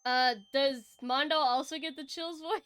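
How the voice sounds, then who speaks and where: A woman's voice: high voice, fairly even intonation, unhurried, fairly bright tone, no room sound, soft background music. A woman streamer giving casual, giggly commentary on a game, swearing freely.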